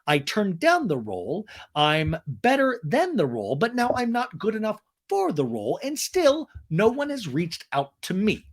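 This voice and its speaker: A man voicing a haughty, offended reality-star woman who speaks slowly and emphatically. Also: high voice, huge pitch swings, voice pushed up, heavily acted. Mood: indignant. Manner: indignant, slow and emphatic.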